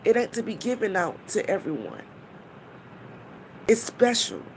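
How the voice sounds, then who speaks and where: A woman's voice: mid-range voice, very animated, unhurried, slight background noise. A woman on a live stream, talking bluntly and mockingly to her viewers, swearing freely and stopping to greet people in the chat.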